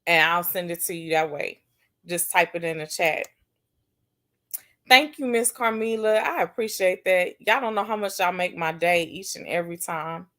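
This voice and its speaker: A woman hosting a casual livestream, chatting warmly and answering viewers' comments one by one. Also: lowish voice, normal speed. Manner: affectionate, calls viewers baby and sis. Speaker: livestream host.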